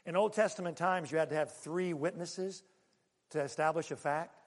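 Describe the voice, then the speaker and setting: A pastor delivers a sermon in an animated style, moving between loud outbursts and soft, hushed asides at a normal speed. His voice is high for a man, and the recording carries the long reverb of a large hall.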